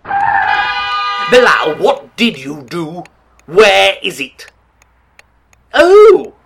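A man's voice: high voice, very animated, very slow, creaky, bright, forceful tone, slightly rough, heavily acted. An actor playing a righteous, pompous male archangel with formal, lofty speech in an audio drama. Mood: flustered.

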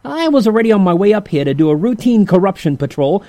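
A man's voice: high voice, sing-song, quick pace, mellow, dry recording. An actor playing a jovial, sleazy male demon who talks in slangy, chuckling banter in an audio drama. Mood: breezy.

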